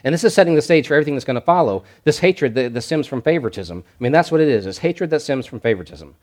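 A man's voice: mid-range voice, lively intonation, racing, a little mellow. A man preaching a sermon, repeating key phrases for stress and reading scripture aloud with rising energy. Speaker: pastor.

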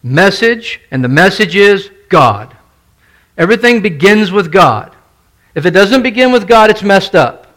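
A man's voice: sits high, expressive, unhurried, fairly bright tone. A male pastor preaching a sermon, stressing and repeating his key points and putting questions to the congregation.

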